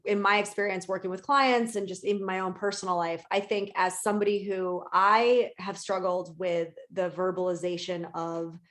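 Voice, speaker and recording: A woman co-hosting a podcast in casual chat. She is candid and swears freely. She gets animated when she makes a point. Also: medium pitch, moderate pace, few pauses. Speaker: podcast co-host and therapist.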